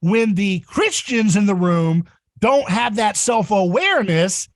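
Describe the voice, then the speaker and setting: A man hosting a casual podcast discussion, talking in a rambling, animated way. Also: unhurried, no echo. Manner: rambling and animated, acts out voices in shrill squeals. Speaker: podcast host.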